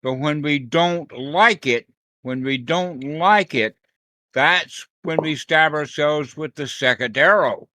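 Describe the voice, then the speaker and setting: Meditation teacher, male, slow unhurried delivery, bright dry voice, playful with quoted voices on a video call. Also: on the high side, dry recording. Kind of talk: dharma talk on a group call.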